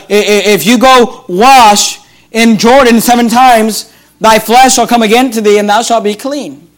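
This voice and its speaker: A man with a very high voice preaches a sermon as pastor. He is emphatic, repeats his phrases and acts out the voices in the scripture. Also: a bit bright.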